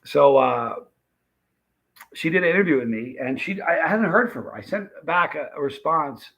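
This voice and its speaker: A man's voice: fairly high pitch, animated, moderate pace, fairly bright tone. A middle-aged American man, a livestream host, telling a rambling story to his chat and acting out the quotes, with many restarts. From United States. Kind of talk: casual storytelling to a live chat.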